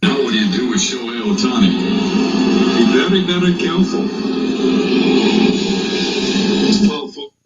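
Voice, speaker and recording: Play it as a man calling a baseball game on air: lively, varied pitch, voice distant and roomy. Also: fairly quick. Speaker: baseball color commentator. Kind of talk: live baseball broadcast commentary. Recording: lo-fi broadcast clip from far off with loud music.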